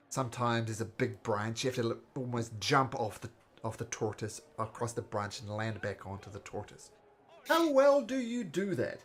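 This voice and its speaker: A man running a tabletop game as game master, chatty and quick to laugh, often restarting his sentences. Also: medium pitch.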